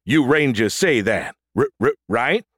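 A man voicing a damaged, stuttering android soldier in a battlesuit with a booming voice, in an audiobook. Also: animated, a bit bright, husky, no room sound, studio quality. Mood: eager booming. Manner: stutters on first sounds, booming, slow drawn-out words. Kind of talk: audiobook character voice.

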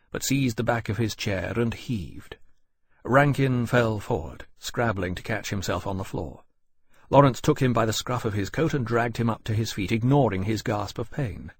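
A man narrating an audiobook in a measured, even storytelling manner. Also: fairly low pitch, breathy edge. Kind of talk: scripted narration.

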